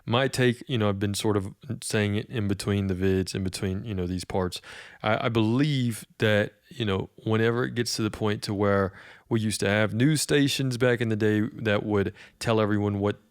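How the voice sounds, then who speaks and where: A man's voice: fairly low pitch, fairly even intonation, moderate pace, clear, resonant tone, no echo, clean studio sound. A man hosting a commentary channel, reacting to a clip in a rambling way, with many fillers and restarts.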